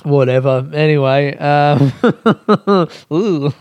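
A man's voice: fairly high pitch, extremely slow, clear, resonant tone, no echo. Swearing man, rambling and dry. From Australia. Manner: rambling, swears a lot, bursts into loud ranting. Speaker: stand-up comedian. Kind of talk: casual podcast monologue.

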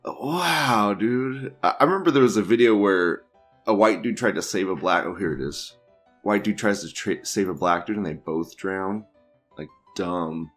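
Over soft background music, a man with a low voice hosts a podcast at a moderate pace. He reacts to videos with offhand, crude, and profane comments, often breaking into laughter.

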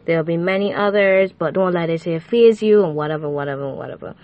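A woman's voice: on the low side, fast, dull audio. A young woman talking casually to her viewers about her faith, chatty and slangy with many fillers. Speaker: vlogger. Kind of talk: casual faith vlog monologue.

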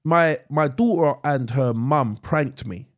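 A man's voice: medium pitch, slow. A man co-hosting a podcast, telling stories in casual banter and acting out the voices of other people. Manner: animated storyteller, acts out voices. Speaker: podcast co-host.

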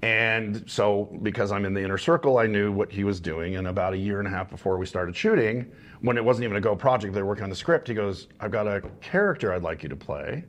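A man's voice: fairly low pitch, steady tone, fast. Tired, rambling man telling stories. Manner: rambling anecdotes with frequent chuckles. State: tired, short on sleep. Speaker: guest. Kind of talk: casual interview storytelling.

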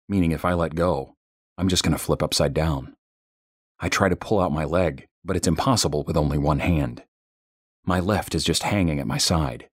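A man narrating a first-person horror story in a tense, measured way. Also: extremely low pitch, slightly rough, no room sound, studio quality.

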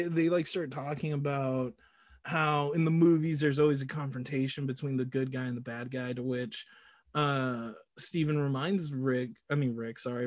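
A man co-hosting a podcast, casually recapping a film's plot with fillers and laughter. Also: fairly high pitch. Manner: animated, laughing, recounting plot with filler words. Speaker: podcast co-host. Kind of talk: casual movie recap chat.

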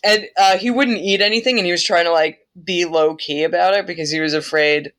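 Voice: mid-range voice, fairly quick, fairly bright tone. Laughing, irreverent myth-telling host. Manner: laughs often, irreverent, swears. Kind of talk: casual myth retelling.

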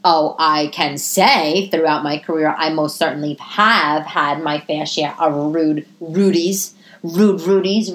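A woman in her thirties hosts a casual solo podcast from her living room, chatty and profane, often jumping into animated high-pitched asides.

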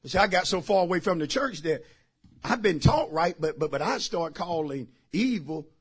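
A man's voice: sits high, expressive, moderate pace, breathy edge. A middle-aged man, a pastor preaching a sermon with personal testimony. He talks fervently and repeats himself, addressing the congregation directly.

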